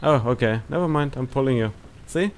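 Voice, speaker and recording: A man hosting a gaming channel, chatting casually while playing with a friend, excitable and quick to shout and laugh. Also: medium pitch. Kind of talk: casual gameplay commentary with a squadmate.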